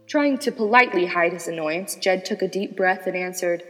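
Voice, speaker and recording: A woman narrating a serialized story in a measured, dramatic manner. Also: medium pitch, fairly even intonation. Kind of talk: scripted audiobook narration. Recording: long reverb with background music.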